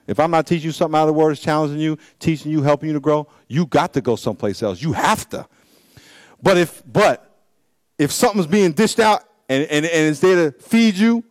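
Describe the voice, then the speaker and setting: A man preaching a sermon in church as pastor, swinging between loud exhortation and low asides and repeating phrases for emphasis. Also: no room sound.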